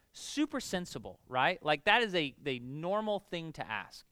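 A man preaching a relaxed, story-driven sermon, his voice bright, crisp and a little high. He talks casually and animatedly, leaning on filler words. The sound is close and dry with no room around it. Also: normal speed, few pauses, no echo. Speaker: pastor.

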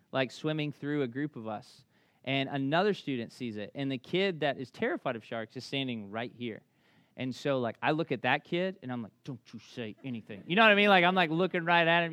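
Southern guy preaching, chatty and animated, bit high-pitched, dry close mic. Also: clear, resonant tone, no echo. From Memphis, Tennessee. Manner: conversational, animated storytelling with quick restarts. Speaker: pastor. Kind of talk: sermon.

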